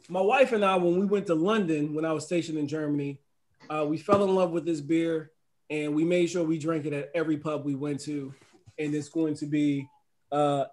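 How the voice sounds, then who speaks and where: A man's voice: a little high, darkish tone. A middle-aged man from the United States hosting a casual livestream chat, laughing often and reading the chat aloud. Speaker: host.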